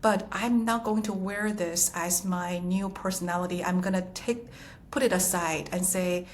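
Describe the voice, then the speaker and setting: A woman's voice: medium pitch, steady tone, a little slow, slight background noise. A woman guest on a podcast, speaking earnestly and reflectively with some hesitation. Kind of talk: reflective conversational talk.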